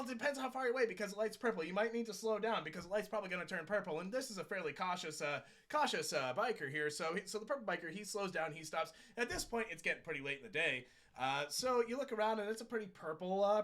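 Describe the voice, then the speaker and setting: Tell it like a man hosting a livestream who's milking a shaggy-dog joke: keep your pitch up high, your pace racing, and your tone bright. Stay playful and let the repetition roll on. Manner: animated, repetitive, playful, with quick self-corrections. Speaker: stream co-host telling a long joke.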